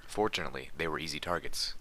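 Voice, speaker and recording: A man reading a fan fiction story aloud in steady, even narration. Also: rumbling low, quick pace, crowd noise. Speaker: reader.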